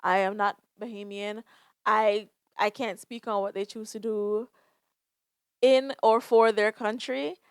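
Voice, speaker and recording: This young woman runs a solo podcast where she talks frankly and emotionally, sighing often and swearing. Her mid-range voice is smooth and steady, a little slow, captured in clean studio sound without echo.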